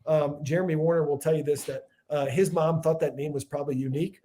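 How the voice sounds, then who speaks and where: A man in his forties with a slightly high voice tells long stories. He is rambling and animated, restarting his sentences as he goes. He is a podcast guest from Illinois. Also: fast talker, slight background noise. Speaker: podcast guest, football analyst. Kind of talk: casual storytelling chat.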